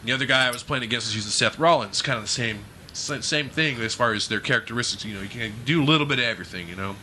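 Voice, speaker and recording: A man co-hosting a casual podcast, telling a long profane story and acting out shouted trash talk. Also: medium pitch, very fast, a little hiss or hum. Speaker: podcast co-host. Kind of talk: casual chat, animated storytelling.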